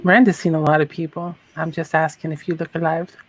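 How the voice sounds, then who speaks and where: A player in a tabletop role-play game, speaking slowly and deliberately and asking many questions. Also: medium pitch, flat delivery, no echo, low-quality recording. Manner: slow, deliberate, asks questions.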